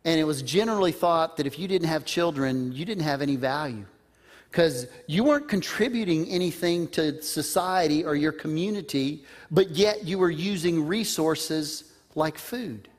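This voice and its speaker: A man's voice: on the high side, normal speed. A man preaching a sermon in a conversational way, putting questions to the listeners. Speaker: pastor.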